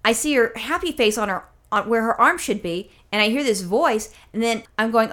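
A woman's voice: fairly high pitch, lively intonation, fairly quick, fairly bright tone. A woman co-hosting a comedy podcast, telling a rambling story and swearing freely.

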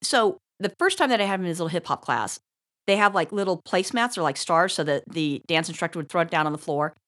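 A woman's voice: fairly low pitch, lively intonation, fast, fairly bright tone. A woman co-hosting a podcast, telling rambling, profane stories in casual chat with frequent restarts. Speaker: podcast co-host.

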